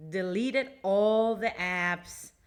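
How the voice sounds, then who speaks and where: A woman's voice: medium pitch, extremely slow. A young woman co-hosting a podcast, telling stories in casual chat and acting out what people said, swearing now and then. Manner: animated, acts out dialogue in her stories, swears casually. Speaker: podcast co-host.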